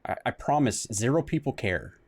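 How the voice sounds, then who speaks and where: A male game streamer talks through a retro detective game in loose let's-play commentary. His voice swings up and down in pitch. He rambles, restarts his words, and breaks into sudden exclamations and self-mocking asides. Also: expressive, moderate pace, a little mellow, husky.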